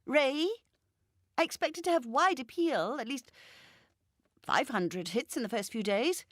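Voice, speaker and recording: A woman doing a brash, pushy female novelist with a high, loud, demanding voice, dry close sound. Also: animated, a little slow, dry recording. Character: brash, pushy middle-aged woman, self-absorbed novelist.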